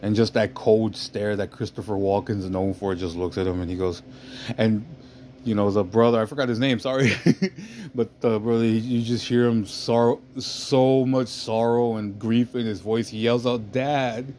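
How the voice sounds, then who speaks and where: Man, lowish voice, casual rambling film recap, profane, faint hum behind. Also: normal speed, darkish tone. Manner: rambling, profane, frequent "you know what I mean".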